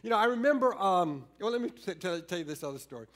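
A high-pitched middle-aged man delivers a sermon. He is earnest and stumbles through frequent restarts, slowing to stress key words, then hurrying through his stories. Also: animated. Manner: earnest, with many restarts and shifts between slow emphasis and quick storytelling. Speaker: pastor.

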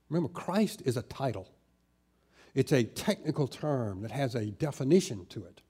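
A middle-aged man preaching a sermon as pastor, slowing down and growing louder when he stresses scripture. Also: expressive, husky. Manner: slows down and rises in pitch and volume when stressing scripture.

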